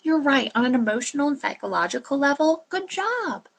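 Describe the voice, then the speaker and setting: A woman's voice: high voice, big pitch swings, a little fast, gravelly, low-quality recording. A woman coach talking earnestly and emphatically to her listeners in a solo podcast monologue. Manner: earnest, emphatic coaching talk with pep-talk asides. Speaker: fat-loss and mindset coach.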